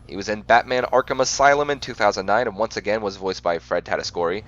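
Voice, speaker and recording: A man's voice: fairly low pitch, fast talker, fairly bright tone, lo-fi sound. A man hosting a game playthrough, reading facts aloud and often stumbling and correcting himself. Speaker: gaming channel host.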